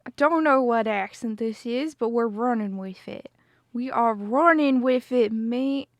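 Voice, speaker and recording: A hammy, deliberately cringe mashed-up British accent, put on by a woman streamer. The voice sits high and bright and drags each phrase out slowly. It is played for laughs. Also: steady tone, creaky, no room sound, full character voice. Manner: playful, drawn-out, deliberately cringe. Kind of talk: livestream bit for chat.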